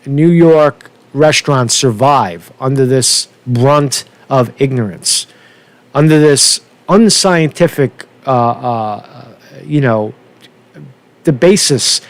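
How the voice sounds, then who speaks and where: Profane rambling male vlogger. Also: mid-range voice. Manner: profane, rambling, repeats "right?" as a tag; halting restarts and repeated words. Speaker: political commentary vlogger. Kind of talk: unscripted rant.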